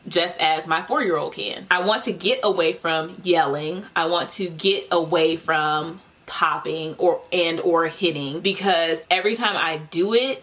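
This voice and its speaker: A woman's voice: deep voice, bright, forceful tone. A woman in her thirties hosting a solo podcast, talking candidly and conversationally, often building her points in short lists. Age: 30s. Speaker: podcast host. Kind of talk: casual solo podcast monologue.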